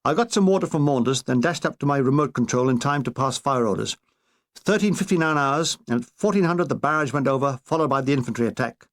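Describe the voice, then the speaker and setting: A man's voice: mid-range voice, fast talker. A man narrating his own war memoir as an audiobook, in a dry, wry storytelling manner.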